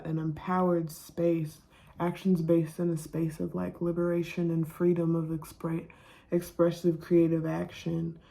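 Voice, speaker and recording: Woman, card reader; slow, gravelly, halting delivery. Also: on the low side. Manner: soft, halting, many fillers. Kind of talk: reflective spiritual monologue.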